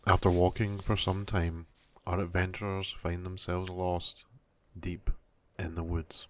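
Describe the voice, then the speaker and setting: Male narrator, lower pitch, calm storytelling, slight background noise. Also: a little slow.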